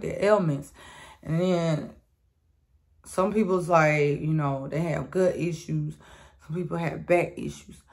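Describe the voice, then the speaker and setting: Blunt, profane woman reading tarot. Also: deep voice. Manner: blunt, profane, streetwise slang; addresses listeners as sweetheart. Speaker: tarot reader. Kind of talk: casual collective tarot reading.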